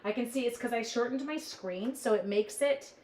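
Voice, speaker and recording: A woman's voice: on the high side, normal speed, darkish tone, reverberant, a little hiss or hum, poor audio. A woman hosting a casual live-stream craft demonstration from her home craft room, chatting with viewers in the chat as she works. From Canada.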